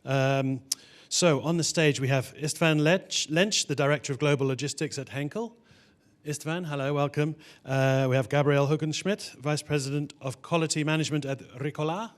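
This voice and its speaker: A man's voice: on the high side, fairly even intonation, moderate pace. A man hosting a conference who introduces a panel in a chatty way, stumbling over a word and joking about it. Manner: chatty, stumbles over words with self-deprecating asides. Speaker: event host introducing a panel. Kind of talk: live stage introduction. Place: conference stage.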